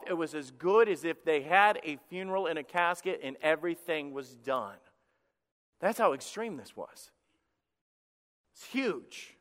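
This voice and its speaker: A man's voice: sits high, fairly bright tone, long reverb tail. A male pastor preaching a sermon, emphatic and repeating words as he builds up.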